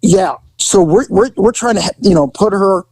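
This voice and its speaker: A middle-aged man telling a story in casual chat, acting out voices with big jumps in pitch. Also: normal speed, a little mellow, no echo, low-quality recording.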